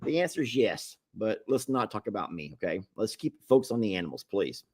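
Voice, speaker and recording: A man's voice: fairly low pitch, sing-song, brisk, a little mellow, slightly rough. A middle-aged man hosting a casual livestream and reading viewer comments aloud, in an easygoing drawl. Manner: easygoing drawl, laughs easily. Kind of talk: casual live chat.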